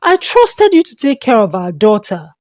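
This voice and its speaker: A woman's voice: medium pitch, wildly swooping pitch, normal speed, darkish tone, no room sound, clean studio sound. A woman voicing an anguished young father who confronts his wife, with a trembling, reproachful delivery.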